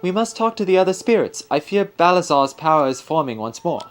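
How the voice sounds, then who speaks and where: A man's voice: on the high side, sing-song, fairly quick, voice pushed up. A man voicing an anxious spirit in a game, speaking in a worried, pleading way. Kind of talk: reading game dialogue aloud.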